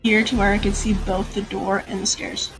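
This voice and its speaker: A woman with a mid-range voice plays a tabletop game and asks plain questions. Music runs clearly in the background. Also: mid-range voice, flat delivery, moderate pace, poor audio. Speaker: player. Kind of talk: casual tabletop play.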